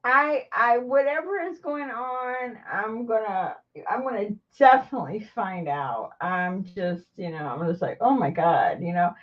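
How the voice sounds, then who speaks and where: Higher-voiced woman, halting candid vlog talk. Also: distant mic, lo-fi sound. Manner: halting and rambling, with many restarts. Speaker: vlogger. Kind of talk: candid personal vlog chat.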